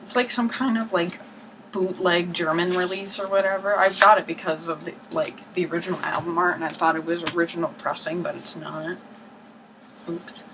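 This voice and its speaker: A woman with a somewhat low voice rambles casually to the camera, slipping into hushed asides and mock-dramatic outbursts. She is recorded on a camera's built-in mic in a room at home. A clear hiss runs under the whole low-quality home video. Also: steady tone, moderate pace. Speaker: vlogger showing her record collection.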